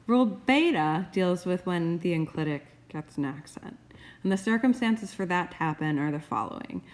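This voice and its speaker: Woman teaching in a low patient voice. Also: expressive, normal speed. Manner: patient step-by-step explaining with playful asides. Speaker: Ancient Greek professor. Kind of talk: recorded grammar tutorial.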